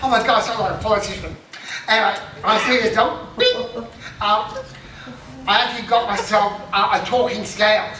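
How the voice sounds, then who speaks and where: A man's voice: high voice, fairly even intonation, fairly quick, distant mic, crowd noise. A middle-aged man doing self-deprecating stand-up comedy, with punchy joke delivery and laughing at his own jokes. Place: festival stage. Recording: echoey hall, mic heard from afar.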